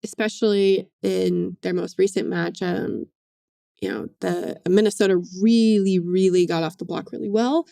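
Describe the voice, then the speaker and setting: A woman sports reporter chatting on a podcast. She talks in a halting way, full of "um"s, and her pace speeds up and slows down. Her mid-pitched voice has a gravelly fry, and the close mic keeps it dry. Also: fairly even intonation, dark tone, no echo. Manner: halting, many "um"s, uneven pace. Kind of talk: casual sports chat.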